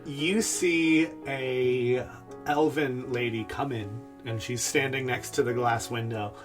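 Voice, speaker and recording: A man narrating a tabletop game as game master, relaxed with many fillers, over faint music. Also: medium pitch, slow.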